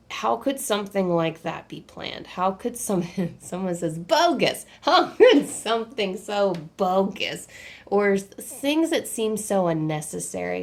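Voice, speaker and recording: A woman's voice: fairly low pitch, gravelly. A young woman giving a spiritual angel card reading, rambling and often breaking off to restart her sentences. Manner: rambling, self-interrupting, with many fillers and restarts.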